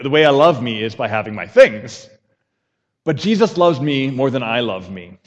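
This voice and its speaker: A man's voice: medium pitch, big-room sound, dull audio. A man preaching a conversational sermon as pastor, repeating a key phrase and having the congregation say it back.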